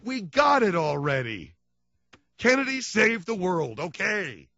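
A man's voice: high-pitched, big pitch swings, slow pace, pushed and bright, dry recording, lo-fi sound, voice pushed up, exaggerated voice. A man voicing his exasperated wife as she sarcastically dismisses another war movie. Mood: scoffing.

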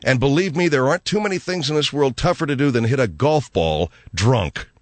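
A man's voice: mid-range voice, fairly quick, no room sound. A man hosting a radio show, telling a story in a casual, jokey way and acting out what people said. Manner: animated, jokey, acts out quotes.

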